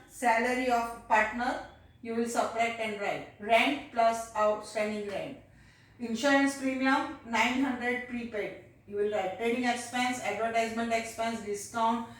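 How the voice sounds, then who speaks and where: A commerce teacher with an Indian English accent walks a class of children through accounts step by step, often pausing on "uh" and "okay." Her voice is a little high, and she's recorded far from the mic in an echoey room.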